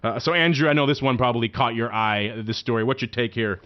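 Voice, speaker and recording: A male podcast host with a mid-range voice who steers the talk and slips in teasing jokes. The sound is somewhat dull, like a lo-fi call. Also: medium pitch. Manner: joking, teasing, quick asides. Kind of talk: casual podcast banter. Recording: slightly muffled podcast audio.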